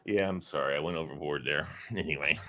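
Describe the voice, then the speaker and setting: A man's voice: rumbling low, fast. A man hosting a casual chat, telling jokes with lots of laughter. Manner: animated joke-telling, laughs at his own punchlines. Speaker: host.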